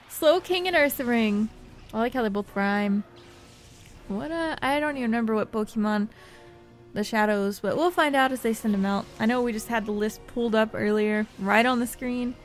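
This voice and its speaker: A young woman hosting a let's play, giving casual, bubbly game commentary and often laughing. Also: medium pitch.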